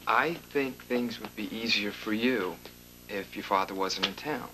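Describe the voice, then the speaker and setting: An actor playing a dry-humored grown son with a teasing manner in a TV drama. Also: male voice, lowish voice, a little slow, music in the background, natural voice, low-quality recording. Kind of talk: daytime TV drama acting. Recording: hissy TV broadcast recording.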